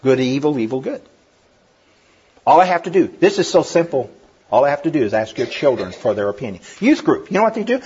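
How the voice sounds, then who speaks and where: Man preaching a sermon, husky voice, lively pitch swings, dull lo-fi sound, middle-aged. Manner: animated, laughing asides, acts out voices. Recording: dull lo-fi recording.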